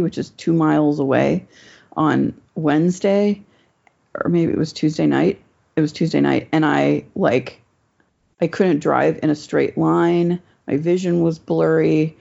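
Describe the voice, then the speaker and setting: A woman's voice: sits low, vocal fry, a little mellow. A woman telling a personal story in casual chat, rambling and swearing, with many fillers. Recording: dull lo-fi recording.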